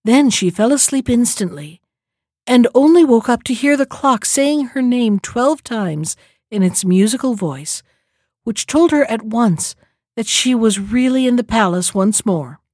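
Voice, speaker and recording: A woman reads a fairy tale aloud in a calm, measured storybook manner. Her voice sits a little high, and the sound is dry and close with no room around it. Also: no echo.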